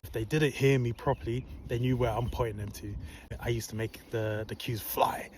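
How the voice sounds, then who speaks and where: A man telling a personal story in a casual, soft and humble tone, calm and unhurried. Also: mid-range voice, a little hiss or hum. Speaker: vlogger recounting a work story.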